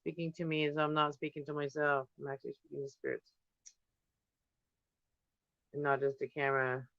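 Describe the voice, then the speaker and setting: A man with a fairly high, bright and smooth voice talks loosely while painting, wandering from one thought to the next. The sound is dry and close. It has a dull, lo-fi stream quality. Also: completely flat delivery, normal speed, dry recording. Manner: thinks aloud, drifting from topic to topic with fillers. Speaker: livestream host painting on camera. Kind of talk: casual rambling chat while painting. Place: indoors at home.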